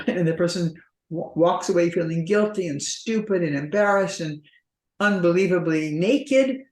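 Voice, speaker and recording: In an echoey room, a woman couples therapist talks conversationally about patterns, regularly imitating what partners say to each other. Her pitch is fairly low, her pace moderate, her tone a little mellow.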